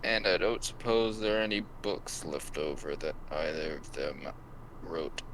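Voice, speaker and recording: A man's voice: extremely low pitch, fairly even intonation, measured pace, a bit bright, a little hiss or hum. A man playing a tabletop game, joking and chatty. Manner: joking, talkative. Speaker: player. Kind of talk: casual tabletop play.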